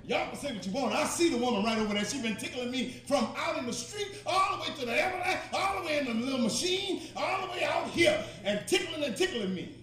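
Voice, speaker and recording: A man's voice: very high-pitched, animated, fast talker, hardly any pauses, crowd noise. A preacher acting out a giddy stricken old man. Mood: insistent. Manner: folksy, indignant then giddy. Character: old man laughing through a stroke, stubborn and merry. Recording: echoey hall, mic far off, congregation.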